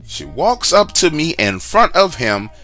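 A man's voice: a little high, very animated, measured pace, sharp tone, soft background music. A man casually telling a personal story, chatty and slangy, with asides to the listener. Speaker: storyteller sharing a true story.

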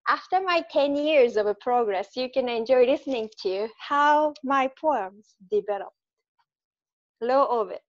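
Slow, measured woman with a Japanese accent. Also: high-pitched, animated, dull audio. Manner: slow, measured, self-deprecating. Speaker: poet. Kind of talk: poetry reading.

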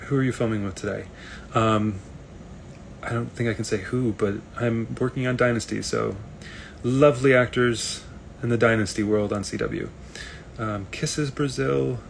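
A man, an actor, chatting casually on a live video stream, reading fan comments aloud and answering them in a relaxed, rambling way. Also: medium pitch, moderate pace, gravelly, a little hiss or hum.

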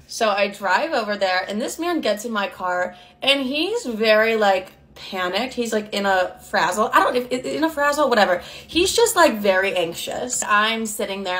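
A woman's voice: medium pitch, moderate pace, hardly any pauses, a bit bright. A young adult woman telling a storytime in a casual, candid way, swearing freely and saying "like" a lot. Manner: chatty, candid and profane, heavy use of "like".

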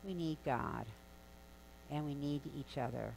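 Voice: medium pitch, a little slow, vocal fry, a little mellow, slight background noise, poor audio. A preacher giving a sermon in a church, in a conversational, storytelling delivery with casual asides. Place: church sanctuary.

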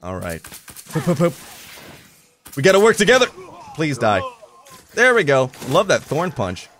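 A young man giving excitable, joking commentary over his own gameplay, making gun sound effects and yelling when surprised. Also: a little high, moderate pace, a little hiss or hum. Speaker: gaming YouTuber.

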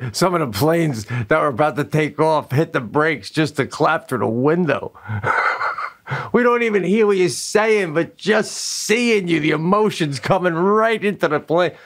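A man with a high, gravelly voice, cracking teasing jokes at his co-host's story. He talks slowly, drawing out his reactions. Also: lively intonation. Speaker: podcast co-host. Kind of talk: casual chat.

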